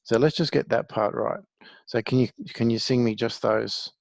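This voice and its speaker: Man, music teacher, patient step-by-step explaining, gravelly voice, dry close sound. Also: mid-range voice, fairly even intonation, moderate pace, dry recording. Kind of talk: one-to-one music lesson.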